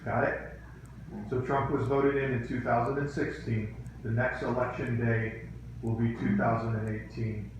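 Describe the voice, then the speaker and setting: A man's voice: mid-range voice, level tone, normal speed. Teacher quizzing his class, echoey room. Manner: quizzing, firm, dryly teasing. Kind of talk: classroom lesson with questions to students. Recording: echoey room, faint background noise.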